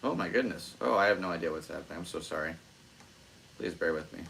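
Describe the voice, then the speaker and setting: Rambling, excitable young man host. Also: low voice, fast talker, creaky, a little hiss or hum, rough recording. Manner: excitable, chatty, self-deprecating. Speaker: podcast host. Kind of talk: rambling solo podcast chat.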